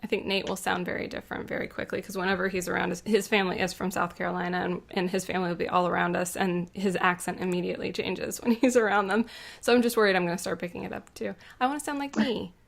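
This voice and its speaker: A woman co-hosting a casual podcast chat, playful and teasing and quick to laugh. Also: on the low side, little pitch movement, vocal fry. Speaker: podcast co-host.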